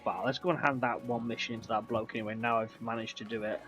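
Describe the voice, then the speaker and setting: A man with a mid-range voice talks fast in a level tone while streaming a video game. He chats casually and rambles as he reads and answers his chat, giving relaxed gameplay commentary. The recording sounds slightly dull, with faint background music.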